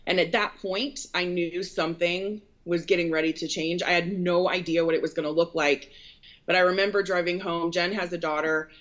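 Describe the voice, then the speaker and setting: Earnest woman storyteller, lowish voice, rambling, dull lo-fi sound. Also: steady tone, moderate pace, a bit bright. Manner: earnest, rambling with many fillers. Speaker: photographer and business owner. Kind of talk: casual interview storytelling. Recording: dull lo-fi recording.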